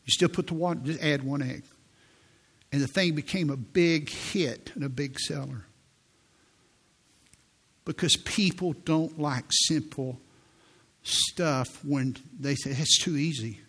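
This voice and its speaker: A man in his sixties, a pastor preaching a sermon in a church, telling stories in an earnest way and slowing down for quoted prayers. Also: fairly high pitch, a bit bright, slightly rough. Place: church sanctuary.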